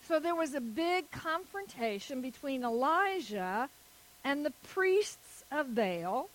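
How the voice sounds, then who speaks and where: A woman preaching a sermon, telling a story slowly and deliberately. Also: high voice, poor audio.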